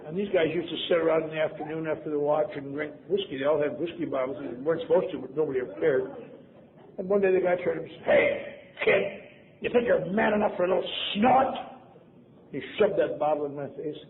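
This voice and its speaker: On a hissy, phone-like lo-fi tape, a seventies-aged Wisconsin man delivers a convention talk full of wry, self-mocking stories, performing the quoted voices. He talks fast, in a steady tone, with a slightly high voice.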